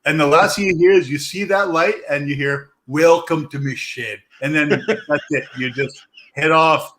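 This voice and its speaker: A man's voice: fairly high pitch, steady tone, moderate pace, fairly bright tone, a little hiss or hum. A man hosting a casual chat, rambling and searching for his words.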